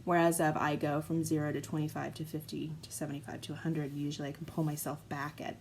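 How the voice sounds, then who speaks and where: A woman's voice: sits low, flat delivery, quick pace, vocal fry, darkish tone, a little hiss or hum, poor audio. A woman in her forties, a mom chatting casually and rambling through a story while crafting at home. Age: 40s. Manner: chatty, rambling, self-mocking.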